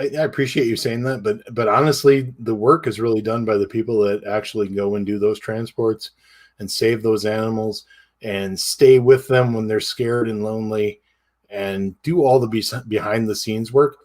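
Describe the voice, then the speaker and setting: A man co-hosting a podcast, talking in a halting, casual way with many fillers and restarts. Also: on the low side, steady tone, darkish tone. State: tearful. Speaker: podcast co-host. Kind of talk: casual chat.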